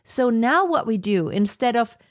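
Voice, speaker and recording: A woman teaching singing, explaining slowly and breaking into sung operatic soprano examples. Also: on the high side, animated. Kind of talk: vocal lesson with sung demonstrations.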